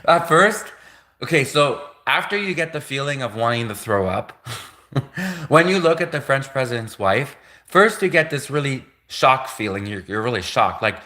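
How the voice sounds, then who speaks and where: A man's voice: medium pitch, lively intonation, moderate pace, pushed and bright. A young Canadian man hosting a livestream, rambling in casual commentary, repeating himself and laughing often. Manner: repetitive, laughing often, casual filler-heavy. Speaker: livestream host.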